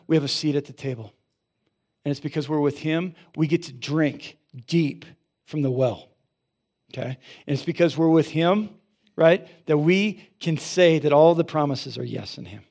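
A man who is a pastor, preaching a sermon with animated storytelling and then leading a quiet prayer in a church. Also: on the high side, normal speed. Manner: animated storytelling, rising loud for emphasis, dropping soft in prayer. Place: church sanctuary.

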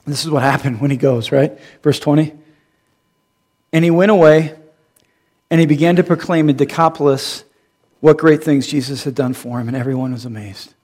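Male pastor, middle-aged, sermon, animated and joking, slightly high voice, loud then hushed. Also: moderate pace.

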